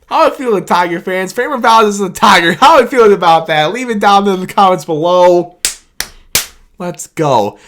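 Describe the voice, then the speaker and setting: A man, an excited fan giving a rambling instant-reaction vlog and laughing between thoughts. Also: sits high, moderate pace. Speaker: sports fan YouTuber.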